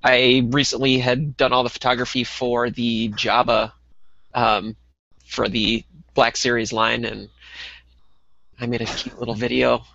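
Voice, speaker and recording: A man co-hosting a casual hobby podcast, talking in a relaxed way with lots of ums and uhs. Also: mid-range voice, a little slow, gravelly, no echo, muffled recording. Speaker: podcast co-host.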